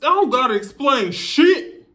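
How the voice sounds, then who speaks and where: A woman's voice: high voice, very animated, measured pace, a bit bright, breathy edge, pitched above the performer's own voice, exaggerated voice. A woman voicing her curt, dismissive young boyfriend, who mumbles and brushes her off. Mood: defiant. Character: dismissive irritated young boyfriend, gruff man.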